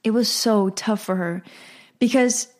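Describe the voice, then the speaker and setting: A woman's voice: mid-range voice, a little slow, a little mellow. A teenage girl hosting her own podcast, talking casually in a chatty, rambling way with asides and self-corrections. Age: teens. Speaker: podcast host. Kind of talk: casual solo podcast chat.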